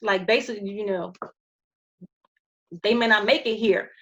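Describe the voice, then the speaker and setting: A woman speaks as a podcast guest, recounting her own story in a calm, earnest voice of middle pitch. She often stops, restarts and fills pauses as she goes. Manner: halting, frequent restarts and fillers. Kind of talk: personal storytelling.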